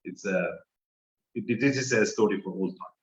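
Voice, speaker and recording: A man, a guest telling a story in halting English full of fillers over a video call. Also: fairly low pitch, echoey room, highs cut off, a little hiss or hum. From Iran. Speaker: guest author. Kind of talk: interview storytelling.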